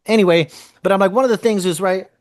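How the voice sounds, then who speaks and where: A man's voice: high-pitched, fast talker. A middle-aged man hosting a podcast, telling stories in casual chat, swearing freely and laughing often. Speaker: podcast host.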